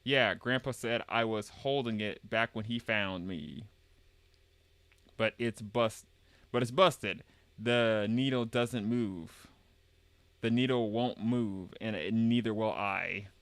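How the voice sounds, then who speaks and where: A man reading the lines of an eager young girl adventurer in a put-on Southern accent, slow and drawn out. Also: on the low side, fairly bright tone, no room sound.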